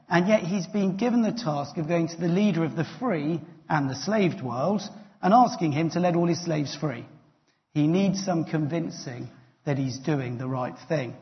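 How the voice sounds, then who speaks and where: A man preaching a sermon in a conversational, lightly humorous way. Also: fairly high pitch. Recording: dull sound with long hall reverb.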